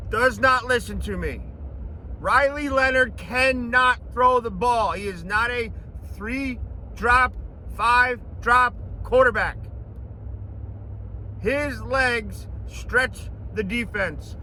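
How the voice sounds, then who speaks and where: A man hosting a sports betting show, talking casually and breaking into shouted chants. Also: extremely high pitch, slight background noise, poor audio.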